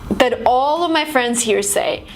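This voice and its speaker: Fairly high-voiced woman, chatty english lesson, acts out big reactions. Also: expressive, unhurried, a little hiss or hum. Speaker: language vlogger teaching English phrases. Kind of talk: casual video lesson. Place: lives in San Francisco.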